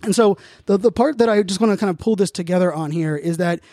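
High-voiced man hosting a podcast, rambling. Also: fast, a little mellow, no echo, studio quality. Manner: rambling, many fillers and restarts. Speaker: podcast host. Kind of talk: casual podcast monologue. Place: Phoenix, Arizona area.

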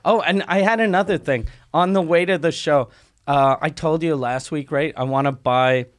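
A man's voice: fairly high pitch, normal speed. A man telling stories on a podcast, swearing freely and laughing through the punchlines. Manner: profane, laughing storyteller. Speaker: comedian and podcast host. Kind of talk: casual podcast banter.

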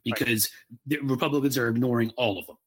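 A man with a husky, breathy voice co-hosts a casual political chat. He speaks in an opinionated, emphatic way and swears now and then for punch. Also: medium pitch, steady tone, fast. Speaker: podcast co-host.

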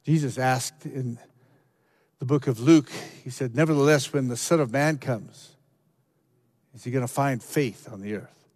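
A man preaching a sermon, earnest, climbing to emphatic peaks and then dropping low, often repeating words as he restarts. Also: unhurried, pauses often, a little mellow. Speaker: pastor.

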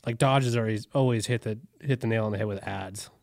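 A man co-hosting a casual chat, animated, laughing often and slipping into voices. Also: lowish voice, quick pace, gravelly, no echo, clean studio sound. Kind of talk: casual joking chat about trucks.

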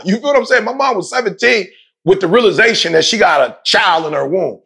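A man talks passionately in casual conversation, repeating his key points and dropping slang. His voice sits high with a gravelly fry and moves fairly quickly. He's emphatic, repetitive, and animated.

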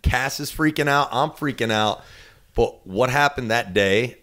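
A man in his thirties with a New Jersey accent, telling a lively story as an interview guest and acting out the quotes. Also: unhurried. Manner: animated, acts out quotes with big pitch jumps.

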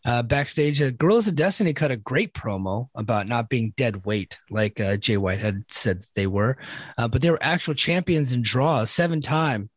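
A man talking loosely through a wrestling recap, full of fillers and easy laughs. His voice sits at an ordinary middle pitch. The sound is close and dry, with no room around it. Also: normal speed, no echo. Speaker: podcast co-host recapping wrestling. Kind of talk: casual chat.

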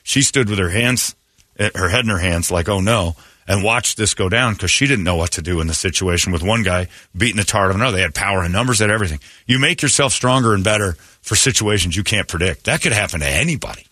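A man hosting a morning rock radio show, telling stories in a blunt, animated way. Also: fairly low pitch, fast, no echo. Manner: blunt, storytelling, animated retelling. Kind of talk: casual talk radio banter. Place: radio studio. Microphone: studio mic. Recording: dry close studio sound.

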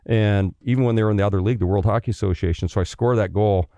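This is a middle-aged man from Canada with a fairly low voice, recorded close on a dry mic. He tells his stories in a loose, animated way, swearing freely. He slips into the voices of the people he quotes. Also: rapid-fire, no room sound, lo-fi sound. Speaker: guest, former pro hockey player. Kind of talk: casual storytelling.

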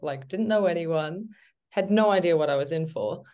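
Speaking at normal speed, this low-voiced New Zealand woman, a professional footballer, rambles easily through a casual interview as a guest. Fillers and "like" turn up constantly.

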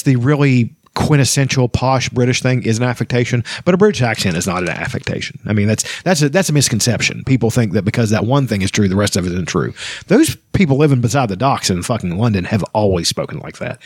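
A man's voice: medium pitch, expressive, fairly quick, no echo, clean studio sound. A man co-hosting a podcast, rambling casually with frequent restarts and swearing. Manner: rambling, profane, restarts sentences. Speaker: podcast co-host. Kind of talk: casual chat.

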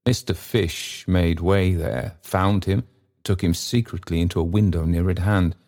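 Deep, mellow male audiobook narrator. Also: measured pace.

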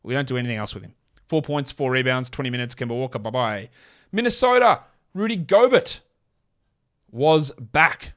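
A man hosting a casual sports show, reading off stats quickly with blunt, sarcastic commentary. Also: medium pitch, animated, fairly bright tone. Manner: blunt, sarcastic, rapid-fire stat reading. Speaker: podcast host.

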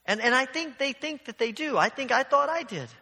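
A man's voice: very high voice, expressive, brisk, sharp tone, big-room sound. A man preaching a sermon as pastor, earnest and storytelling, often restarting his phrases.

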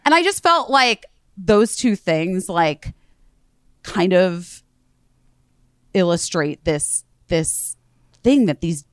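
A woman with a lowish voice tells a story in casual chat. She swears freely and jumps between voices as she acts out both sides of a conversation. The sound is close and dry, with no room around her. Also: lively intonation, slow pace, pauses often, smooth, dry recording.

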